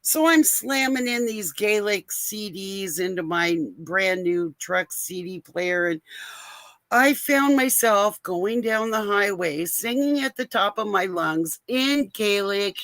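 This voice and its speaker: An American woman tells a story on a video call in a bright, sharp voice. The audio is dry and close, with no room sound. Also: medium pitch, slow pace, no echo. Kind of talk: casual chat on a video call.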